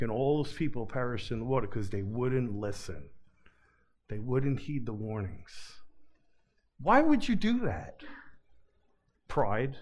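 A male pastor preaching at an unhurried, deliberate pace. His voice sits at an ordinary pitch. He swings between forceful, raised warnings and soft, pleading lines. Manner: slow, earnest preaching, swinging from loud urgency to quiet pleading. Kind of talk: sermon.

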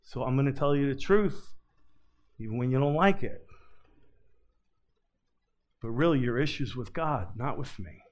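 Slow, earnest preaching man. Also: mid-range voice, animated. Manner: slow, earnest preaching, swinging from loud urgency to quiet pleading. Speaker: pastor. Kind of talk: sermon.

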